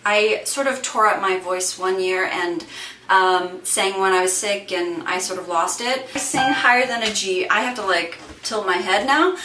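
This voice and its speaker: A woman singer and voice teacher talks through her vocal range in a relaxed, thinking-aloud way, full of "like" and "sort of". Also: medium pitch, normal speed. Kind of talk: casual vocal demonstration. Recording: echoey room, distant mic, faint hiss.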